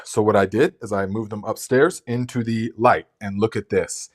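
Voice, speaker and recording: Chatty, rambling man with a lowish voice. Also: steady tone, normal speed. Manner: chatty, rambling, with many fillers and restarts. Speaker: gardening channel host. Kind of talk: casual live Q&A chat.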